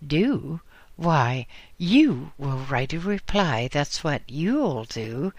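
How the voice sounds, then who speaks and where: A man reading aloud and voicing a sour, dismissive young man with a somewhat high voice. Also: very animated, drawn-out words, dry recording, exaggerated voice. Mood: firm.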